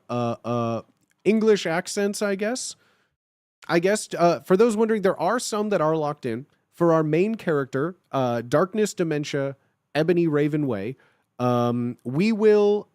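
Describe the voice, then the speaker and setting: A male livestreamer talking casually to his viewers, his voice sitting a touch higher than most men's. He speaks in a halting, stop-start way, full of filler sounds and restarts. The sound is dry and close on a streaming mic, with no room echo. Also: a little mellow.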